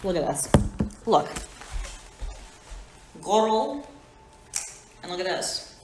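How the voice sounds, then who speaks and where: A woman speaking quietly in a sassy, casual way in a comedy clip. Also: on the low side, steady tone, moderate pace, over music. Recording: echoey room with faint noise.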